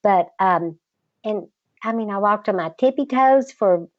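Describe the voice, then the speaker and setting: Older woman, Southern drawl, unhurried, slightly girlish tone, dry and dull recording. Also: medium pitch, no room sound. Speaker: guest. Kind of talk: casual interview chat.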